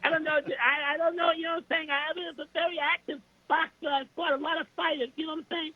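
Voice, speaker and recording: Heavyweight boxer, very high soft voice, lisp, quick, slightly muffled audio. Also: male voice, level tone, no echo. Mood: rambling. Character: famous heavyweight boxer impression, high soft lisping man.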